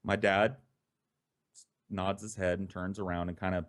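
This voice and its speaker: A man hosting a podcast, telling a story from his childhood in a casual, profane, animated way. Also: sits low, moderate pace. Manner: profane, animated, with laughter in between.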